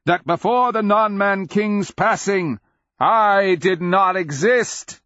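A man voicing an ancient, inhuman sorcerer king who is mad and grandiose, speaking in a booming, declamatory way for an audiobook. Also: fairly even intonation, moderate pace, no echo, natural voice. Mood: scornful. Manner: booming, declamatory, swings into roaring fury. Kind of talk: audiobook character voice. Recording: dull lo-fi audio.

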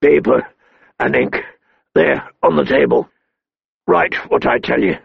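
A man voicing a hoarse, hot-tempered dying king who talks gruffly and halts with pain, in a dull lo-fi dry recording. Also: medium pitch, no room sound, exaggerated voice. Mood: anguished. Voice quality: hoarse, gravelly. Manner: gruff, blustering, halting with pain.

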